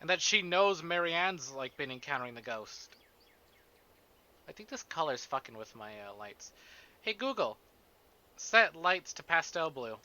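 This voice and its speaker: Bright, excitable young streamer guy. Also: on the high side, measured pace, long pauses. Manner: excitable, swears often, talks to chat. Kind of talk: casual live-stream chat and game reading.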